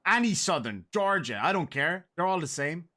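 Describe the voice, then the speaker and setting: Brief: Dublin Irish man, slightly high voice, animated and jokey, swears freely. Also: moderate pace. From Ireland. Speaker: podcast co-host. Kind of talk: casual banter.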